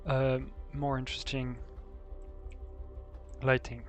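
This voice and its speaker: A man's voice: mid-range voice, little pitch movement, takes it slowly, faint music behind. A man with a French accent, a native French speaker, chatting casually as a live streamer while he builds in a game, thinking aloud with many hesitations. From France.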